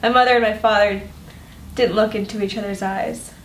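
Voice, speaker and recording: A young woman performing a monologue as a daughter in mourning, telling it in a measured, wry, deadpan way. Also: mid-range voice, a little hiss or hum, voice pushed down, lightly acted. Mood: wry, grave. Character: young woman mourning her odd parents. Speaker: acting student. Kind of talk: dramatic monologue. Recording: roomy echo from far off.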